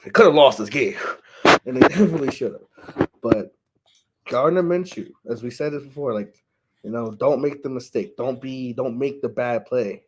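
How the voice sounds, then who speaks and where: Male co-host, average pitch, easygoing and chuckling, casual sports talk. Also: moderate pace, background noise. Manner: easygoing, laughs often.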